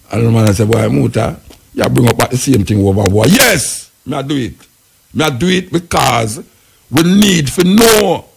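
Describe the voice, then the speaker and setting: A man's voice: mid-range voice, gravelly, breathy edge. A man with a Jamaican accent hosting a radio talk show, talking in patois and arguing his point. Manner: Jamaican patois, speculative, argumentative.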